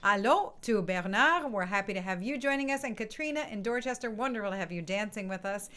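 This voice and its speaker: Through a computer mic on a video stream, a woman with a mid-range, fairly bright voice talks quickly while opening an online music session. It's a casual live-stream welcome where she greets everyone individually and laughs frequently.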